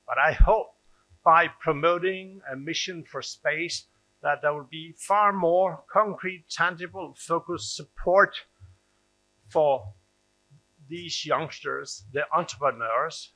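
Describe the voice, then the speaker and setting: A man's voice: on the high side, sharp tone, poor audio. An older man giving a conference speech as an ambassador, emphatic and repeating phrases for stress. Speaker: ambassador and panel speaker.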